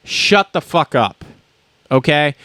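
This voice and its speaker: A man's voice: on the high side, lively intonation, takes it slowly, fairly bright tone, clean tone, dry recording. A man hosting a podcast from a studio, ranting in a blunt, profane and indignant way. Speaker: podcast host. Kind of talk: heated podcast rant.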